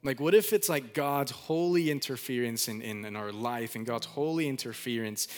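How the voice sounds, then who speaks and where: A man's voice: mid-range voice, moderate pace, faint music behind. Casual, chatty male pastor preaching. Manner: casual, repeats phrases, lots of "like"; asks the congregation to call out answers. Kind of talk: sermon. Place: church.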